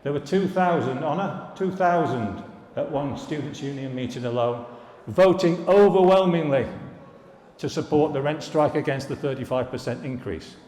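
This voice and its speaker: Older man, fairly high voice, wry storytelling speech, echoing hall reverb. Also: moderate pace, darkish tone. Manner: storytelling, wry asides and jokes. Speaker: former students' union president giving an anniversary speech. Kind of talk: anecdotal speech to an alumni audience. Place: large hall at a live event. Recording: echoey hall, reverberant room.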